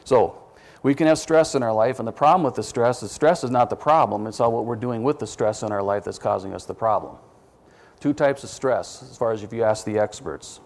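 Male preacher, gravelly, conversational sermon delivery that quizzes the congregation with questions. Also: mid-range voice, a little fast. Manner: self-deprecating asides.

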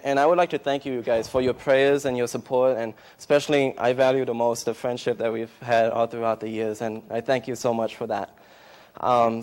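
A man serving as a missionary speaks at church, moving from an emotional testimony into a sermon while halting through fillers and restarts. He has a mid-range voice with a darkish tone.

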